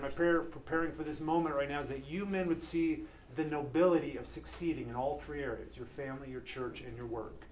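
A man in his thirties preaching an earnest, animated sermon to a men's group as pastor. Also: fairly high pitch, a little hiss or hum. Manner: earnest, animated, acts out quoted voices.

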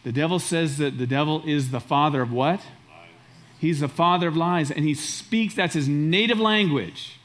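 Middle-aged male pastor, fairly high voice, emphatic sermon delivery. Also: moderate pace, a bit bright. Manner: emphatic, repeats phrases for stress.

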